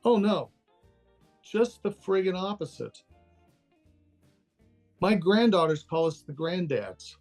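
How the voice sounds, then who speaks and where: Gravelly-voiced older man, candid and chatty. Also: sits high, expressive, slow pace, pauses often, soft background music. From Texas, USA. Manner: candid, laughs easily, loose and chatty. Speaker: guest. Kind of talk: casual interview over a call.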